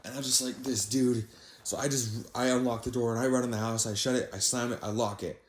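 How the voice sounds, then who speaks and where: A young man casually narrating a storytime anecdote, voice jumping higher when he quotes his own disbelief. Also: quick pace. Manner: animated, rises sharply when quoting himself in disbelief. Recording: echoey room.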